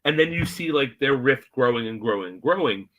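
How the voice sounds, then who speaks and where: A man co-hosting a podcast, chatting casually and retelling a TV scene with animated, acted-out quotes. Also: mid-range voice, brisk, muffled recording. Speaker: podcast co-host. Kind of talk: casual chat recapping a TV episode.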